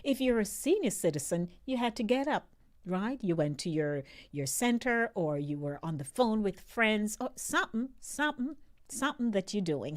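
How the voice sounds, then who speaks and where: A woman's voice: medium pitch, lively intonation, normal speed. A woman radio host talking casually and directly to her listeners, introducing a segment. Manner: chatty, conversational, direct address to listeners.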